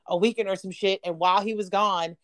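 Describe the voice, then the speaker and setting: This woman, in her thirties and co-hosting a podcast, has a medium-pitched voice and a brisk delivery. Her storytelling is casual and animated, full of profanity and frequent laughter.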